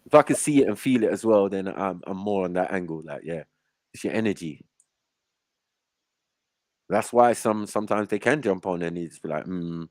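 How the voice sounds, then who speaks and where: A man's voice: low-pitched, lively intonation, moderate pace, pauses often, a little mellow, dry recording. A man with a British accent hosting a live casual chat, blunt and slangy. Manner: blunt, slangy, talks over others.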